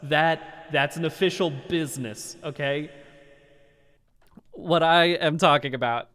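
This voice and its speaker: A man streaming live, chatting casually to his audience, animated and self-mocking, and often laughing. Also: fairly high pitch, slow pace, pauses often, smooth.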